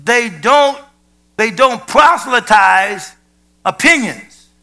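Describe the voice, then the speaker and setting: A man preaching a sermon with emphasis, rising to shouted peaks and dropping to low, quiet asides. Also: lively intonation, takes it slowly.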